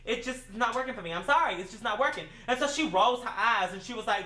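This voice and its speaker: A woman tells a story straight to camera, sassy and foul-mouthed, throwing herself into every beat of the retelling. Her voice has a bright, forward edge, and the room around her echoes noticeably. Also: on the high side, quick pace, hardly any pauses. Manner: sassy, profane, animated retelling. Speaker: vlogger. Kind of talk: casual storytime rant. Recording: roomy echo.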